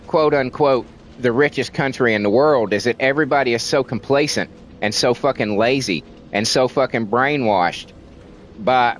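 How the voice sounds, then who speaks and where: A man's voice: mid-range voice, slight background noise. Male streamer, American-raised, ranting hard with lots of cursing and repetition, ordinary mid-range voice. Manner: heated, profane, repeats words for emphasis. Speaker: livestreamer. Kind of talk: casual ranting commentary on stream.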